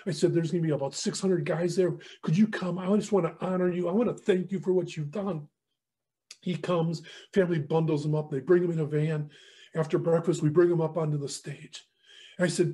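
A middle-aged ministry leader, appearing as a guest speaker, tells a faith story as testimony. His voice sits on the high side at normal speed, and he's animated, acting out both sides of every conversation.

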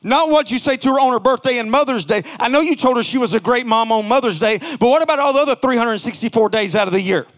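A man preaching a sermon in a notably high voice. He climbs into loud, shouting emphasis and then drops to quiet, low asides. He acts out quoted lines in mocking little voices. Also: expressive, fast talker, hardly any pauses. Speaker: pastor.

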